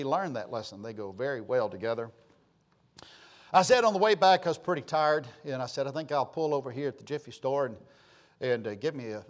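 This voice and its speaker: A Southern preacher man delivers a homespun sermon, his fairly high voice rising into loud calls and dropping into quiet asides. His Southern accent colors every story he tells. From Georgia, US. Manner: folksy storytelling, swinging between loud preaching and low asides. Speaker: pastor.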